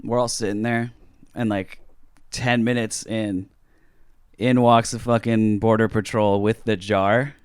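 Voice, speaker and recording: A young man from California, a podcast co-host, telling a story in a casual, animated, heavily profane way on a close mic. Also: fairly low pitch, unhurried, clear, resonant tone, no room sound.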